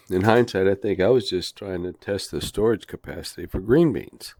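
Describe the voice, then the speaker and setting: A man with a very low voice teaches a devotional Bible lesson. He speaks slowly and deliberately, weaving in folksy, humorous stories from his own life. The sound is dry and close, with no room around it. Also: darkish tone, dry recording. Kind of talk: devotional teaching with personal anecdotes.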